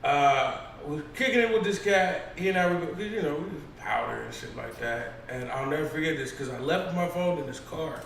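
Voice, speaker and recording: A man's voice: fairly high pitch, expressive, normal speed, gravelly, few pauses, a bit bright. A man in casual chat, telling stories in a rambling, profane way with many fillers. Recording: echoey room, voice far from mic, faint noise.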